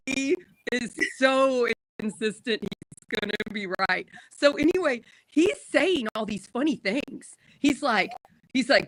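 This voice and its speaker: A woman in her thirties telling an embarrassing personal story in a casual chat, animated and laughing often. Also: sits high, slow pace, no room sound, low-quality recording. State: recovering from surgery. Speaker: podcast co-host.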